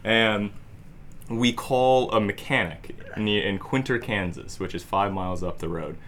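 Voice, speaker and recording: Low-voiced rambling male podcast host. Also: a little slow, fairly bright tone, slight background noise. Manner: rambling, heavy use of "like". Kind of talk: casual storytelling.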